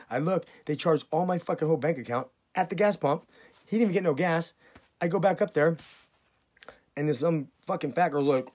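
A man's voice: medium pitch, fast, a little mellow. A man ranting angrily to camera, swearing constantly, his voice jumping up in outrage. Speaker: vlogger. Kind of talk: angry profane rant to camera.

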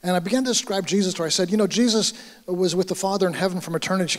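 A man's voice: high voice, rapid-fire, long reverb tail. A man with an American accent, a pastor delivering a sermon and telling a story with acted-out dialogue. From United States. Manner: storytelling, acting out dialogue, animated. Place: church hall.

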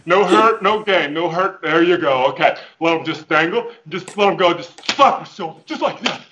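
Over a video call on a headset mic, a man with a fairly high, lively voice plays a goofy, overconfident fitness coach who also preaches, delivering hammy motivational patter at a moderate pace in a comic character interview. His tone is sharp, the highs are cut off, and there's slight background noise.

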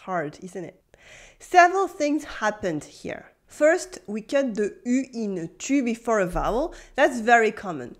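A woman with a French accent gives a scripted video lesson in English. She is patient and explains each point step by step, stopping to prompt the viewer. Her voice sits a little high. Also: big pitch swings, a little slow. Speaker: language teacher.

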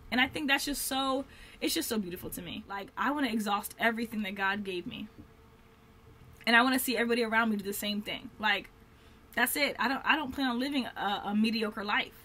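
A young woman with a bright, clear voice pitched a little high talks straight to camera in a personal vlog. She is earnest and heartfelt, rambling and restarting her sentences with plenty of fillers. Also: fairly quick. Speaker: vlogger. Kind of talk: candid faith-based vlog talk.

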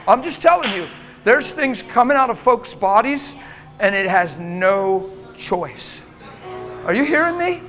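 An American man preaching a sermon in a church, impassioned, swinging from loud urging to hushed tones. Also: sits high, big pitch swings, unhurried, soft background music. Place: church sanctuary.

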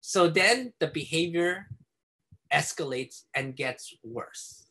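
A man teaching a casual behavior-therapy lesson with a bright, forceful voice. He explains in an animated, chatty way, often slipping into little acted-out scenes. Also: fairly high pitch, slow, breathy edge. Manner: animated, casual, acts out examples.

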